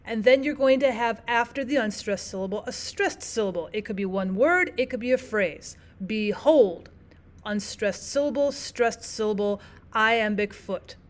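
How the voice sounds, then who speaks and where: Woman teaching a lesson, slightly high voice. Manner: clear, measured teaching delivery, slows to read verse aloud. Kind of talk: explaining poetry lesson over slides.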